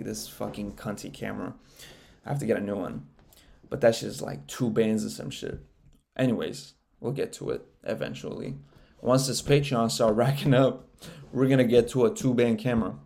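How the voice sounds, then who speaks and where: A man's voice: medium pitch, vocal fry, darkish tone. Young man, podcast host, casual rant, crude jokes, mocking impressions. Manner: profane, joking, slips into mocking impressions.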